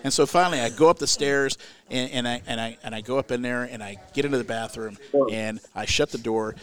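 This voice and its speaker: Brief: older man, comic storyteller, animated, loud bursts at the punchlines. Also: mid-range voice, brisk, clean tone. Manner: animated, frequent restarts, rises loud at the punchlines.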